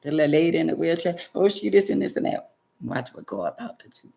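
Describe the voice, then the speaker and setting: A woman's voice: low-pitched, expressive, quick pace, vocal fry, mellow. A woman talking straight to her viewers in a preachy, scolding way, hammering points home by repeating them. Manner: emphatic and scolding, repeats phrases for effect. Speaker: vlogger. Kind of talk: preachy direct-to-camera talk.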